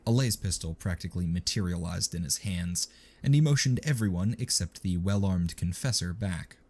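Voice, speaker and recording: A man with a lowish voice narrating a story in a steady, measured way. His reading is scripted and even, a calm storyteller. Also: breathy edge.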